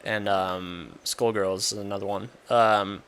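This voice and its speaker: Rambling low-voiced man chatting games. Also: fairly even intonation, unhurried, a bit bright, a little hiss or hum. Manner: rambling, frequent fillers and restarts. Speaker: podcast co-host. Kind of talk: casual gaming chat.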